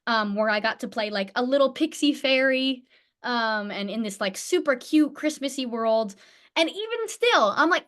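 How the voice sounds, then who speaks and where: A young woman from New Jersey, an actor guest chatting casually in an interview, bubbly and quick to laugh. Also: high voice. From New Jersey, USA. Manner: bubbly, laughs often, lively quoted asides.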